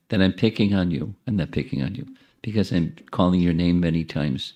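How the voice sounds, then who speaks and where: A deep-voiced man lecturing on spiritual teachings, talking in a loose, conversational way. He often restarts his phrases and turns to the audience with friendly asides. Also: brisk, dark tone. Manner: repeats and restarts phrases while thinking. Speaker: monk giving a spiritual talk.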